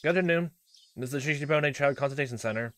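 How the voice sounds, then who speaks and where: A man voicing a courteous, persistent child welfare official on the phone, formal and steady. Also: fairly high pitch, fast talker, dry recording, voice pushed up, close to an everyday voice.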